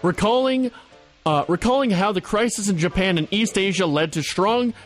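A man's voice: sits high, moderate pace, soft background music. A man reading news aloud in an exaggerated broadcaster voice, stumbling over words now and then. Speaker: show guest. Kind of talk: mock news-anchor reading.

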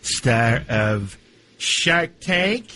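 A man's voice: medium pitch, big pitch swings, drawn-out words, bright, forceful tone, exaggerated voice. A man playing a frantic, rambling billionaire team owner who leaves nervous, pleading voicemails in a comedy sketch.

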